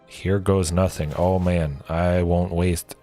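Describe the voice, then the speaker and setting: A man streaming a card game, commenting casually and thinking aloud, with excited exclamations and a lingering cough. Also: low-pitched, slow, faint music behind. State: coughing, with a cold.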